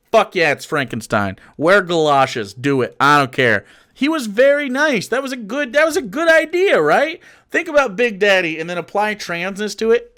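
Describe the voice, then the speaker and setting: A man's voice: high voice, a bit bright. A man giving casual, sarcastic and profane reaction commentary on a political video.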